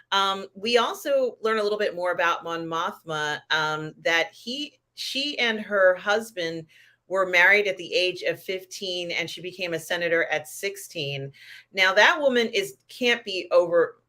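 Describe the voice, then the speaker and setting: A woman co-hosting a casual pop culture chat, recapping in a measured, thoughtful way. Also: on the low side, bright, forceful tone. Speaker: co-host.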